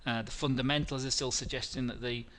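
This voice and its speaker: A man's voice: medium pitch, steady tone, fast, a bit bright. A middle-aged man hosting a live trading webinar, walking through charts, answering viewer questions and often correcting himself mid-sentence.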